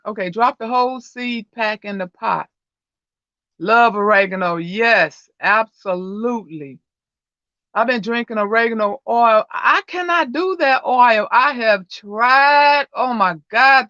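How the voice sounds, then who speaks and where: Bright, chatty woman hosting a livestream. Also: on the high side, dry recording, muffled recording. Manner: chatty storyteller who laughs often. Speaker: livestream host. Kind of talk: casual livestream chat.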